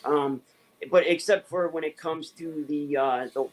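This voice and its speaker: A man's voice: on the high side, steady tone, measured pace, poor audio. A man chatting casually in a group, rambling with many fillers and restarts. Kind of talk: casual chat.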